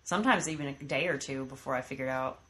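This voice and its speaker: A woman in her thirties chatting casually on a podcast, telling lively stories and acting out what others said. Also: rumbling low, fast talker. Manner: animated storyteller, acts out voices in quotes. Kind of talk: casual chat. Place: studio with microphones.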